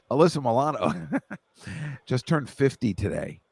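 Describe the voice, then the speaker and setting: A man's voice: medium pitch, lively intonation, measured pace, no room sound. A middle-aged man hosting a podcast, rambling in casual chat with a jokey, self-deprecating manner. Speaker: podcast host.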